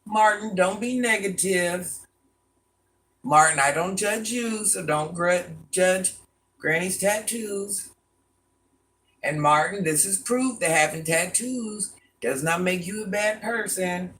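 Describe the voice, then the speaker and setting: An older woman with a deep, gravelly voice, chatting bluntly with her live-stream viewers from a room in her home and calling them baby and hon. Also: takes it slowly, fairly bright tone. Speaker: vlogger reading live chat. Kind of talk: casual live-stream chat.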